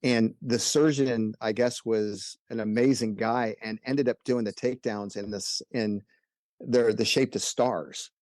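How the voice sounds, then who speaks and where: A middle-aged man, an emergency doctor, telling stories in a relaxed, casual way. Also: on the low side, a little slow, no echo. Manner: laid-back anecdotal storyteller. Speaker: emergency physician guest. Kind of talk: casual storytelling.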